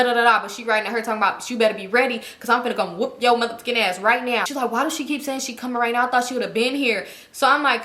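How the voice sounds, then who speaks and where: Woman spilling a wild story to her viewers, bright tense voice, kinda high, cussing a lot. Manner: animated, profane, acts out quoted people. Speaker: storytime YouTuber. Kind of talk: casual storytelling to camera.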